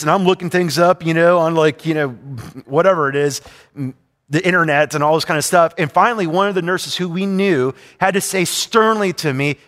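A man's voice: fairly high pitch, a little fast, fairly bright tone. A man preaching a sermon, telling a personal story in an earnest, confessional way and often repeating himself. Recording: long hall reverb.

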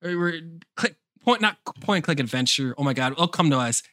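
A man on a podcast mic who talks in an animated, joking way, laughing as he goes and swearing without a second thought. His voice sits a touch high and rings bright, and the sound is dry and close. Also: fairly quick, dry recording. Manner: animated, laughing, cursing freely. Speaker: podcast co-host. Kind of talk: casual podcast chat.

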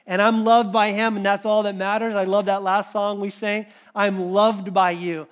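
A man with a notably high-pitched voice delivers a sermon. He talks in a relaxed, conversational way, often breaking into lively quoted asides. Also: normal speed. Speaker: pastor.

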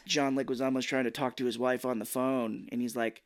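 A man's voice: mid-range voice, flat delivery, a little fast. A man co-hosting a podcast, casually retelling a film scene by scene and joking along the way. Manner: jokey, acts out characters' lines. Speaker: podcast co-host.

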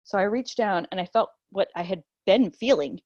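Woman, interview guest, lively storytelling, lots of fillers, dull lo-fi sound, dry close recording. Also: medium pitch, normal speed, no echo. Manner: animated, acts out quotes, many fillers. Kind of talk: conversational personal storytelling.

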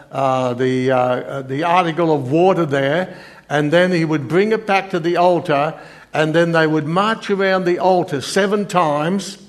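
An older man delivers a sermon, reading scripture earnestly but haltingly, with lots of fillers and restarts. His voice sits a little high.

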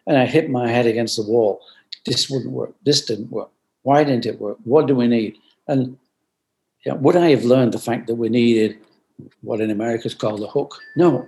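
A man's voice: medium pitch, darkish tone, rough recording. Older man speaking over a video call. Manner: repeats phrases, clears throat often, earnest. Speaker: guest, company founder. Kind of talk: reflective interview answers. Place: at home in France. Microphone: remote video call.

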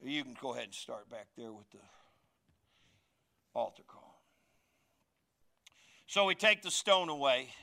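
A man preaching an animated, joking sermon and speaking directly to his congregation. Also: mid-range voice, a little slow, gravelly, pauses often. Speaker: pastor.

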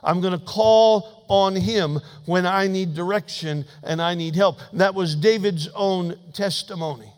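A man preaching a sermon as pastor, folksy and humorous, swinging between emphatic loud passages and hushed asides. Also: high-pitched, a little slow, hardly any pauses, in a large hall.

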